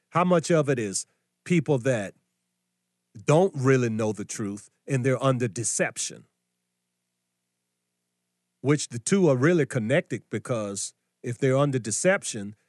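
A man's voice: mid-range voice, no echo, clean studio sound. A middle-aged man hosting a political commentary show, preaching in a combative, scolding way and firing off rhetorical questions.

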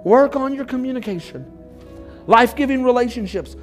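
A man's voice: extremely high pitch, lively intonation, a little fast, faint music behind. A pastor preaching an emphatic sermon to his congregation about marriage. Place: church.

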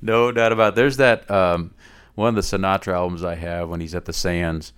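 A male podcast host chats casually with his guest, leaning on fillers as he steers the talk. His voice sits very low. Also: steady tone, brisk, fairly bright tone, clean tone. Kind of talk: casual interview.

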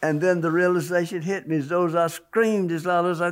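Man delivering a religious testimony; emphatic and repetitive, raised slightly high voice on stressed points. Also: steady tone, brisk, hardly any pauses, smooth. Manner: emphatic, repeats key words, voice rises on stressed points. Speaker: testimony speaker. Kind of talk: spoken testimony.

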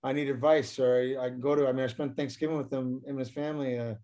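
A man's voice: mid-range voice, flat delivery, fast, dark tone. A man, a former hockey player, telling stories as a guest in a casual interview, often repeating and restarting his words.

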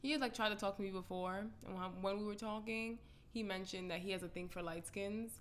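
A woman's voice: medium pitch, fairly quick. A woman in her twenties co-hosting a podcast, chatting casually and venting bluntly, swearing freely. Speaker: podcast co-host. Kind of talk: casual chat.

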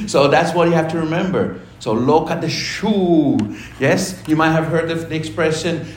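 A man's voice: fairly high pitch, unhurried. A man preaching a sermon, emphatic, asking the congregation rhetorical questions. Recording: echoey room with faint ambient noise.

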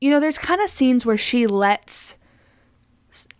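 A woman co-hosting a film podcast, retelling scenes in an animated, chatty way with lots of fillers. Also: sits high, unhurried, clean tone, dry recording, clean studio sound. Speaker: podcast co-host. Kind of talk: casual film discussion.

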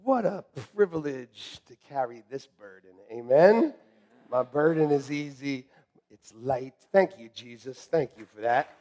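A man preaching a sermon as pastor, animated and joking, laughing often with the congregation. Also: medium pitch, measured pace.

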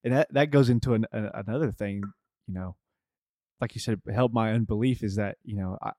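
Hesitant low-voiced man in chat. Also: darkish tone, no echo, studio quality. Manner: hesitant, many fillers and restarts. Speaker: podcast co-host. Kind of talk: casual chat.

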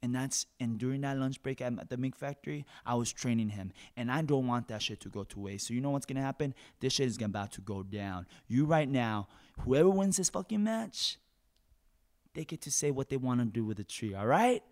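A man's voice: medium pitch, lively intonation, brisk, close to an everyday voice. A man playing a foul-mouthed, ranting factory worker. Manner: profane ranting, bursts into shouting. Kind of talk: improvised comic storytelling in character.

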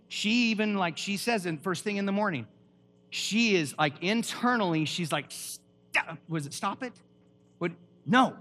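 High bright-voiced man preaching a sermon. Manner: preachy and emphatic, quizzing the audience. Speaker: pastor.

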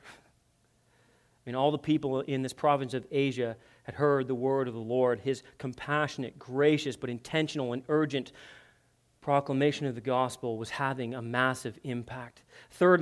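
A man's voice: mid-range voice, fairly even intonation, normal speed. A pastor preaching an earnest, conversational sermon, often restarting his words.

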